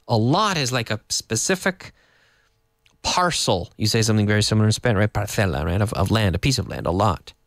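In Madrid, a man with a lowish voice gives a casual online English lesson to Spanish speakers, recorded dry with studio quality. His manner is lively and patient as he explains slowly, repeats words, and adds Spanish glosses.

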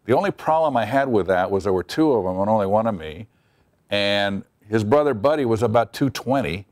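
Man, middle-aged, low pitch, close dry sound, wry storyteller. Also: expressive, fairly quick, darkish tone, dry recording. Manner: wry storytelling, acts out quotes. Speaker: TV writer recalling a story. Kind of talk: interview anecdote.

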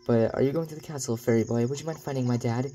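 A man's voice: mid-range voice, fast talker, mellow, a little hiss or hum, natural voice. A man voicing a cheerful young ranch girl while he reads her game dialogue aloud. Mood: friendly.

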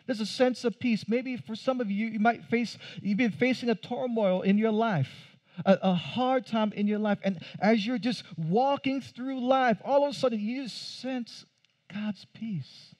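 A pastor giving a conversational sermon, asking the congregation questions and adding light humor. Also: male voice, very high voice, measured pace, darkish tone. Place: church.

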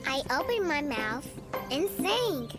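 A performer voicing a playful, cheerful young male bunny for a preschool show, talking slowly in a singsong way, with lots of giggles and hums. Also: high voice, very animated, exaggerated voice. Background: children's music.

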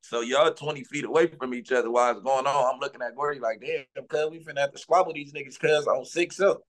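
A man's voice: mid-range voice, quick pace. A man from Los Angeles, a guest in an interview, talking heatedly and insistently in profane street slang.

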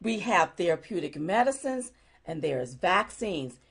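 A woman's voice: lowish voice, big pitch swings, unhurried, creaky, breathy edge. A woman co-hosting a casual livestream chat, talking emphatically and greeting viewers by name. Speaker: co-host.

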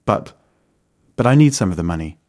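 A man's voice: low-pitched, sing-song, normal speed, husky, heavily acted. A man reading a sobbing young wife's lines in a choked, pleading tone.

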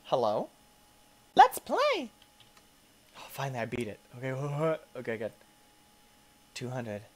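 A man giving excitable let's play commentary, yelping and squealing as things go wrong and talking to the characters on screen. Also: mid-range voice, normal speed, a little hiss or hum. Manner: playful, talks to the game characters. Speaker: gaming YouTuber.

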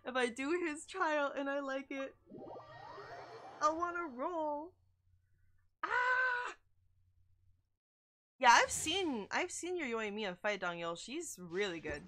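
Excitable young woman streaming a game. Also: high voice, measured pace. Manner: excitable, gushing, squeals and laughs, chats with viewers. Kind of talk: live game-stream chat. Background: game music.

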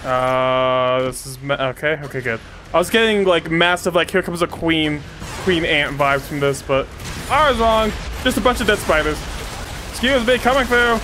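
A woman commentating her gameplay casually, excitable, swearing and trash-talking enemies. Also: low voice, normal speed, faint music behind. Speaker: gaming streamer.

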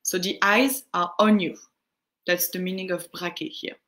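A woman with a French accent giving casual French lessons, answering viewer questions with frequent pauses and fillers. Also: on the low side, steady tone, fairly bright tone. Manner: unhurried, answering viewer questions, greets chatters; hesitant, many fillers. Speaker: French tutor on a live stream.

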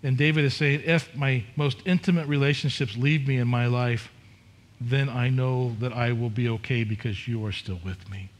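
A man's voice: medium pitch, steady tone, moderate pace. A middle-aged man preaching a sermon as pastor, candid and conversational, with frequent restarts and repetitions.

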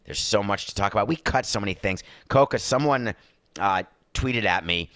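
Emphatic sarcastic man, bright dry voice. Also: fairly low pitch, expressive, normal speed, dry recording. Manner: emphatic, sarcastic, with mocking quoted asides. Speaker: podcast host. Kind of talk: opinionated sports business commentary.

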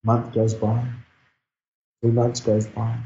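A middle-aged New Zealand man with a New Zealand accent tells a personal story earnestly and reflectively. His voice is dark and mellow. The recording is dull and echoey. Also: mid-range voice, completely flat delivery, slow, slight background noise. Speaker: guest speaker. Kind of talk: personal storytelling in a podcast interview.

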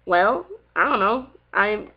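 Speaking slowly but animatedly in a mid-range voice, this young vlogger with a light Southern accent works through her viewers' questions in a relaxed Q&A. The sound is lo-fi, and her rambling chat is packed with "like" and "you know".

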